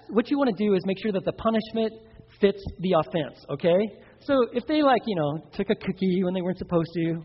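A man preaching a sermon on parenting, animated, acting out children and parents in playful voices. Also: high-pitched, breathy edge. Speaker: pastor. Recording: dull sound with long hall reverb.

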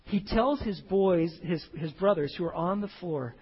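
A man with a high, husky voice preaches as pastor, dropping to near-whispers and then surging with emphasis. His voice rings with a long reverb, as if in a large church sanctuary. The recording sounds dull and lo-fi. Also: normal speed. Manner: emphatic, swinging from hushed to loud. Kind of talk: expository sermon.

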